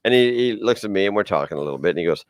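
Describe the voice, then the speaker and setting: A comedian man from Boston, now living in Canada, co-hosting a casual chat show with quick crude jokes. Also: lowish voice, lively intonation, no echo. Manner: quick joking banter, crude quips. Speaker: comedian and podcast co-host.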